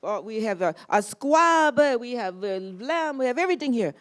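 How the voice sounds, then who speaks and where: A woman's voice: a little high, big pitch swings, moderate pace. A woman imitating an effusive, grand older Italian male film director with a put-on Italian accent, speaking broken English and repeating words. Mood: proud.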